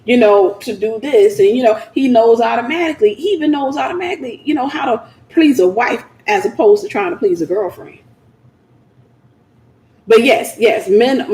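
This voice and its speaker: Her fairly high voice bounces around an echoey room, with slight noise behind it. Leading a Christian teaching session, this woman keeps things informal and lively, performing the voices of anyone she quotes.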